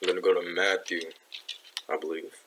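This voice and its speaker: A man teaching a Bible lesson in a casual, slangy way. He tags his lines with "right?" and "man", and drops lower and slower to read scripture aloud. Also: little pitch movement, background noise.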